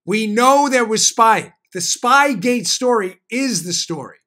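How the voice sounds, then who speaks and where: A man's voice: very high-pitched, animated, sharp tone. A man with a New York accent hosting a political talk podcast, arguing emphatically and reading ads. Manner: emphatic, rapid, argumentative delivery. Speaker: political talk show host. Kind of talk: political commentary podcast with ad reads.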